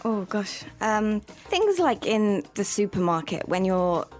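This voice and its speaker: A woman's voice: mid-range voice, very animated, unhurried, faint music behind. A woman from England with an English accent, chatting politely as a guest with amused hesitation. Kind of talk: casual interview chat.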